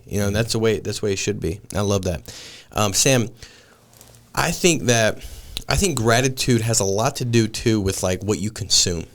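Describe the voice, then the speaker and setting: A man's voice: on the low side, moderate pace. A man in his thirties hosting a casual podcast chat, laid-back and calling his guest dude and man. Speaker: podcast host.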